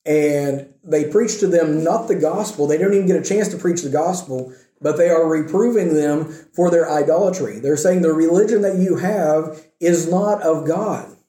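A man's voice: fairly high pitch, moderate pace, warm tone. A man teaching a Bible study in a plainspoken way, often checking in with "okay?" and reading scripture aloud. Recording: roomy echo.

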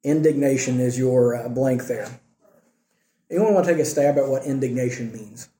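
Male Bible class teacher, mellow voice, echoey room, asks the class questions. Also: medium pitch, normal speed. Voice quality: says he has trouble with R's. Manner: asks the class questions, frequent "okay" and "right". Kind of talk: church class teaching on marriage.

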